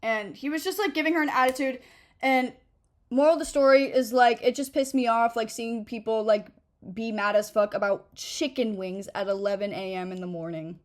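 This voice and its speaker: Fast-ranting young woman, bright pitch. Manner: profane, animated and sarcastic, lots of fillers like "like" and "um". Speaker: vlogger. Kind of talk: casual storytime rant.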